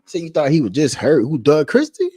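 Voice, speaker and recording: A man talking straight to his stream chat in a fired-up, cursing way, circling back to the same lines again and again. His voice sits a bit high for a man. The sound is dry and close, with no room echo. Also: wildly swooping pitch, a little fast, mellow, slightly rough. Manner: heated, profane and repetitive, restating each point. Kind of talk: unscripted live-stream commentary.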